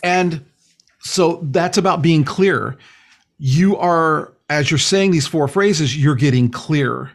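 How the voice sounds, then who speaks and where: A man with a fairly high voice is speaking as a guest healer in a relaxed interview. His delivery is earnest and meandering, with frequent filler phrases and restarts as he gathers his thoughts. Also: slow pace. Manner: earnest, rambling, many "you know" fillers. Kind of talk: casual conversational interview.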